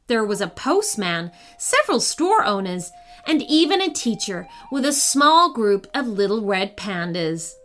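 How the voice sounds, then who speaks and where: A woman storyteller narrating a children's story in a gentle, expressive way. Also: mid-range voice, a little slow, slight background noise. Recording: soft background music.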